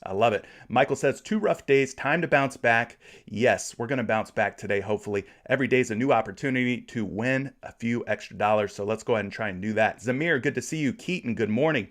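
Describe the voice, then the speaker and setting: A man's voice: medium pitch, a little fast, hardly any pauses, a bit bright. A man in his thirties from Florida, hosting a casual sports betting livestream and chatting through viewer comments. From Florida, USA. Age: 30s. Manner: reads viewer comments aloud, friendly and chatty.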